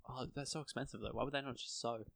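A man's voice: mid-range voice, fairly even intonation, very fast, creaky, fairly bright tone, no echo, studio quality. Goofy young man, joking podcast host. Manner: goofy, joking, playfully clueless. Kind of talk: casual podcast chat.

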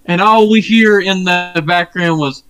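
A man co-hosting a podcast, telling a long story in casual chat, rambling and profane, often pausing on fillers. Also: high-pitched, fairly bright tone, slight background noise. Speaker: podcast co-host.

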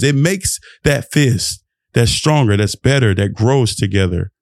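A young Texan man hosts his own podcast, speaking at medium pitch and an unhurried pace in a dry, clean studio recording. His motivational rant is rambling and preachy, jumping between thoughts, delivered with animated emphasis and frequent laughter.

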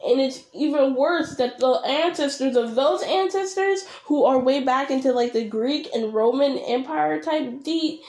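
A woman's voice: sits high, a little mellow, reverberant. A young woman ranting bluntly and sarcastically while she reacts to a video. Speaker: reaction vlogger.

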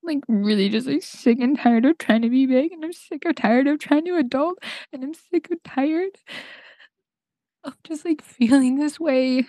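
A young woman recording a tearful, halting personal monologue on her podcast mic, crying and sniffling as she searches for words. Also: high voice, warm tone, no room sound. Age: young adult. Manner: halting, full of fillers and restarts. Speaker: podcast host. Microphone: home podcast mic.

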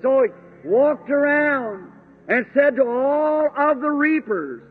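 A man preaching a sermon in a fervent, drawn-out way, breaking into exclamations. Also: very high voice, animated. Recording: tinny lo-fi old sermon tape.

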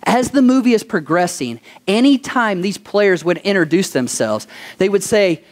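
A male pastor with a high-pitched voice preaches at a moderate pace, posing questions to the congregation for call-and-response. He tells stories with lots of animation.

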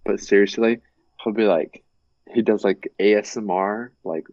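A young man talks in a loose, casual way, stringing his thoughts together with lots of fillers and now and then slipping into animated little impressions. His voice sits a bit low. The recording is dry and somewhat dull, like a lo-fi setup. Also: normal speed, no echo. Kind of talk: casual chat.

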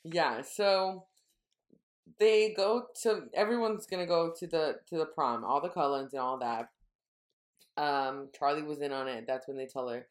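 Low-voiced woman recapping casually. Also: measured pace, echoey room. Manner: rambling retelling with fillers and self-corrections. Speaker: podcast co-host. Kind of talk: casual book recap chat.

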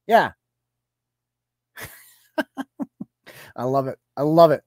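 A man's voice: high-pitched, animated, takes it slowly, pauses often, dry recording, clean studio sound. A man hosting a live commentary show, talking in a sarcastic, profane, mocking way. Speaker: host.

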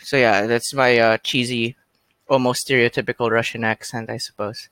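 A man hosting a podcast in casual chat, talking in a halting way with many fillers and restarts. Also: medium pitch, little pitch movement, a bit bright, no echo. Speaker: podcast host.

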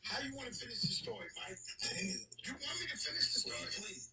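A man telling an animated anecdote in a played-in clip. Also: very high-pitched, brisk, vocal fry, noisy background.

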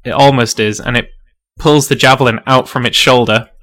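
A man's voice: mid-range voice, fairly even intonation, normal speed, a bit bright. A man narrating a tabletop role-playing game as game master, casual and full of fillers, laughing often.

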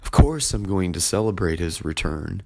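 A man's voice: low voice, expressive, moderate pace, creaky, heavily acted. A man doing a pleading, joyful old father. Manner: pleading, warm.

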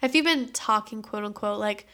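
A woman's voice: mid-range voice, moderate pace, fairly bright tone. A young woman telling stories in casual podcast chat, peppering her talk with "like" and "literally". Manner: chatty storyteller, fillers like "like" and "literally".

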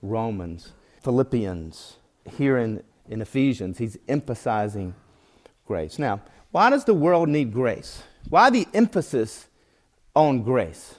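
A man's voice: medium pitch, very animated, slow, a little mellow. A man teaching through scripture in a sermon, reading verses aloud and telling folksy illustrations with earnest emphasis. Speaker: Bible teacher.

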